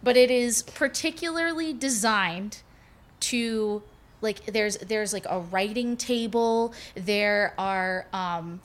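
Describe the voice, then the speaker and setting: A woman's voice: medium pitch, slow pace. A woman acting as game master, describing scenes in a casual way with plenty of fillers.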